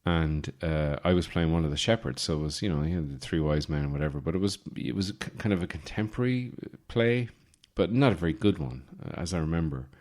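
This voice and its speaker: An Irish man in his forties, hosting a podcast with a rambling, deadpan comic monologue full of fillers and restarts. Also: very deep voice, fast, few pauses. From Ireland. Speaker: podcast host.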